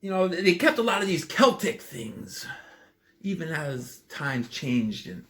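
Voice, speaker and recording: A chatty man vlogging in an easygoing, rambling way, full of enthusiasm and fillers. His voice sits fairly high, swings widely in pitch and has a bright, forceful edge. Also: very animated, measured pace, slight background noise. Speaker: vlogger tasting drinks. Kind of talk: casual tasting vlog.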